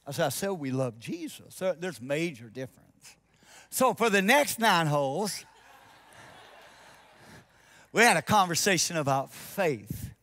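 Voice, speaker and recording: A fairly high-pitched male pastor preaches a sermon, telling a story in which he plays both people in a conversation. For his key points he drops into soft, intense tones.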